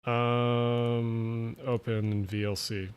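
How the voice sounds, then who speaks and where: Heavy background noise surrounds a man speaking extremely slowly in a mid-range voice with little pitch movement. He has a New Jersey/Philadelphia accent and, on a loose late-night stream, rambles, runs his words together and casually swears while thinking aloud.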